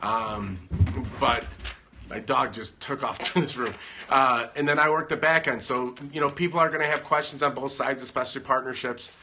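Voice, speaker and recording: A man's voice: medium pitch, normal speed, bright, forceful tone, slight background noise. A man chatting casually at home on a livestream, giving business advice in a rambling, joking way. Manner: rambling, self-interrupting, joking.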